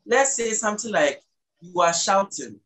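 A speaker from Ghana, patiently explaining the language as an interview guest and slowing down to sound out words. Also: mid-range voice, lively intonation, a bit bright, rough recording. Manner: teacherly, slows down to sound out words.

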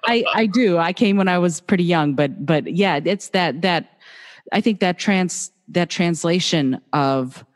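A woman's voice: on the low side, unhurried, in a large hall. A woman from the former Soviet Union hosting a casual interview, often restarting and repeating words as she thinks. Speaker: podcast host.

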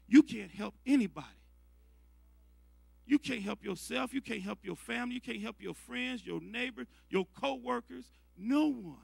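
A man's voice: sits high, gravelly, husky, no echo. A middle-aged man preaching a sermon in a conversational way, repeating and restarting his phrases.

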